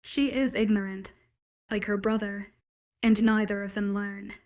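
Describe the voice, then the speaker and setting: A woman voicing a hulking male werewolf general who is gruff, scornful and curt, with clipped commands. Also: mid-range voice, fairly even intonation, unhurried, darkish tone, natural voice.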